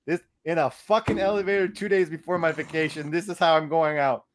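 A young man casually telling a story on a podcast, animated and profane, acting out what he said. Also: fairly high pitch, a little fast.

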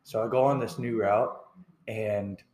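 A man's voice: lowish voice, steady tone, measured pace, darkish tone. A young man casually telling a story in a loose, chatty way. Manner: loose, chatty, laughs easily. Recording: echoey room.

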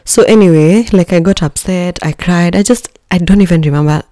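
A woman's voice: on the low side, brisk, dry recording. Young woman, story-time host, dramatic and chatty, dry close sound. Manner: animated and dramatic, slipping into Swahili slang. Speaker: podcast host. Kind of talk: casual storytelling.

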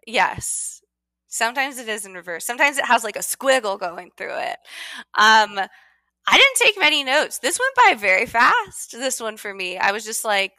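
A woman's voice: a little high, sing-song, moderate pace, bright, forceful tone, dry recording. A woman co-hosting a podcast in casual chat, wry and chatty, with lots of "like" in her talk. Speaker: podcast co-host.

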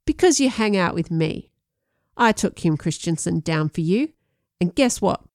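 A woman's voice: on the low side, expressive, unhurried, a little mellow, dry recording, clean studio sound. A woman reading an audiobook, voicing a menacing, sneering teenage boy who bullies and threatens. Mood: furious. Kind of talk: audiobook narration.

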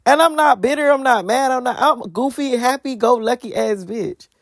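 Profane, animated young woman, dry sound. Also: a little high, normal speed, no room sound. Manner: profane, animated, breaks into singing. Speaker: vlogger. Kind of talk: casual rambling commentary.

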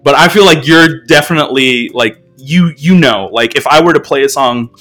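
A man's voice: on the high side, normal speed, a bit bright, faint music behind. An American man hosting a podcast, talking casually in a rambling, filler-heavy, self-deprecating way. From United States. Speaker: podcast host.

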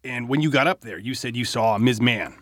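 A man's voice: medium pitch, fairly quick, no room sound, studio quality. A man, a defense lawyer, cross-examining a witness with pointed, leading questions.

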